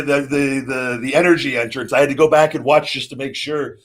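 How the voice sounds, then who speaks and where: A man's voice: medium pitch, brisk, few pauses. A middle-aged man hosting a casual live show, rambling and restarting sentences as he tells stories. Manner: rambling, frequent restarts, storytelling with acted quotes. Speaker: podcast host. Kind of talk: casual live-stream chat.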